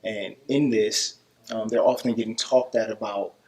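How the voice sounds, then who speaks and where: A man's voice: fairly low pitch, steady tone, moderate pace, a little mellow, poor audio. A man leading a group discussion with thoughtful, probing questions and frequent fillers.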